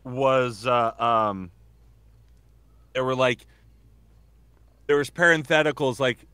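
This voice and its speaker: A man's voice: medium pitch, slow, bright, forceful tone, clear, resonant tone, dry recording. A man who works as a voice actor telling stories in casual chat, rambling with many fillers and restarts. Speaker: voice actor guest.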